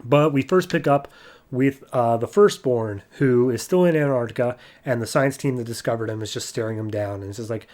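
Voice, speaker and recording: A man casually recapping a comic book on a podcast. He jumps into higher voices for the characters' lines. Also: brisk, darkish tone. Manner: retells scenes in voices, jumping higher for quotes. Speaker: podcast host.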